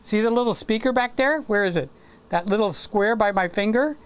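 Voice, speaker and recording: A man's voice: high voice, moderate pace, clear, resonant tone. A man hosting a casual live stream with a sore throat, chatty and teasing, talking into a desk microphone. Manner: chatty, teasing and affectionate with viewers.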